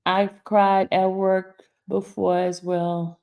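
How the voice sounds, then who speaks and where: A woman's voice: medium pitch, unhurried, creaky, a little mellow. A woman hosting a live stream, chatting casually and reading viewer comments, emotional and laughing through tears. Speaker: YouTube host.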